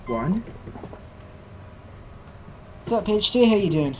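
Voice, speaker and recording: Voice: medium pitch, sing-song, slow, mellow, dull audio, slight background noise. Chatty live-streamer. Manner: chatty, reads and answers chat while playing. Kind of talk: casual gameplay live stream.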